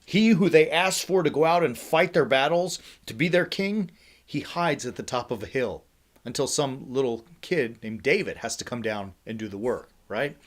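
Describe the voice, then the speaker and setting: A man hosting a faith ministry livestream, teaching in a lively, conversational way and often checking in with "right?". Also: medium pitch, moderate pace. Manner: energetic, conversational, with frequent "right?" asides. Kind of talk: casual teaching talk.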